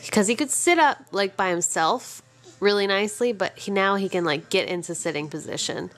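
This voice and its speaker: A young mother filming her baby at home, coaxing him along in high sing-song baby talk. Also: moderate pace, fairly bright tone.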